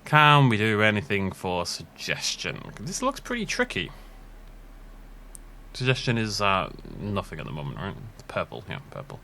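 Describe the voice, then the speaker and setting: Casting: man from the Isle of Man, let's play host, lively and animated, musing aloud. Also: lowish voice, moderate pace, vocal fry, slight background noise. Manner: rambling, thinking aloud, chuckling. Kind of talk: casual gameplay commentary.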